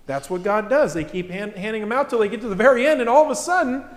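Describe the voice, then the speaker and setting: A man preaching a lively sermon to a congregation, full of rhetorical questions and acting out the voices of people in the stories. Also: sits high, fast talker. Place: church. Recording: echoey church hall.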